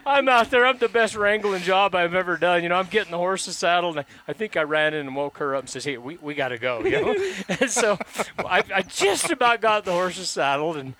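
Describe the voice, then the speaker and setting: A middle-aged man at a hunting camp, telling a story in a casual, animated way and laughing often. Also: high voice, fairly quick, few pauses.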